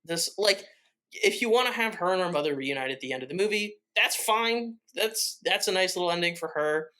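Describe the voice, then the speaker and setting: A man's voice: sits high, animated, fairly quick, bright, forceful tone. A man co-hosting a podcast, talking casually about a film with restarts and acted-out quotes. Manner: rambling restarts, acts out quoted reactions. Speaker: podcast co-host. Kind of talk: casual film review chat.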